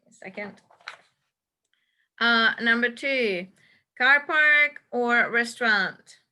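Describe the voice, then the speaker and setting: A woman's voice: a little high, slow pace, bright, forceful tone. A woman teaching a classroom English lesson, patiently checking answers one by one and repeating them. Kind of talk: classroom instruction.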